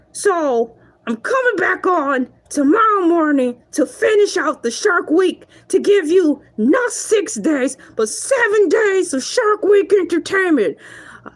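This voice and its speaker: A woman's voice: very high-pitched, full character voice. A woman voicing a brash, self-proud male shark who hosts a live comedy show, talking in quavering, mock-outraged rants broken up by laughter. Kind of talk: live-stream comedy monologue.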